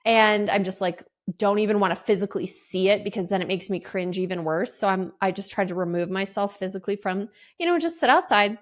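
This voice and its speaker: A woman's voice: mid-range voice, fairly quick, few pauses. A woman in her forties hosting a podcast, telling a rambling, exasperated story in a casual style and swearing freely. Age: 40s. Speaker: podcast host.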